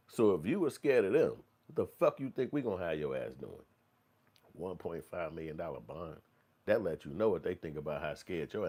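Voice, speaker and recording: A man hosting a casual commentary stream, talking profanely and acting out other voices in a high falsetto. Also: darkish tone, breathy edge. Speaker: channel host commentating on news.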